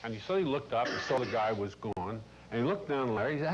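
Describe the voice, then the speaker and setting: A man giving a lecture to a corporate class, telling a long story in a blunt, salty, animated way. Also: medium pitch, fast, few pauses. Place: lecture room. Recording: muffled old videotape with faint hiss.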